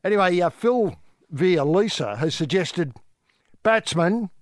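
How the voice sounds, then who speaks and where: A man co-hosting a comedic sports show with a deadpan, mock-sympathetic delivery. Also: high-pitched, slow, no echo, studio quality. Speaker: co-host.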